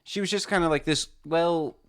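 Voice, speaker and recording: A man's voice: on the high side, normal speed. A man hosting a reaction video, rambling through casual commentary full of restarts and fillers.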